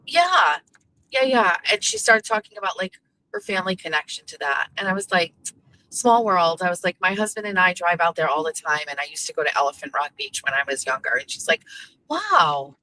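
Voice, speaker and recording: A woman's voice: fairly low pitch, big pitch swings, bright, forceful tone, rough recording. A woman, hosting her show and telling a casual, profane story, quoting the people in it. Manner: chatty and profane, quoting others in quick back-and-forth. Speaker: host.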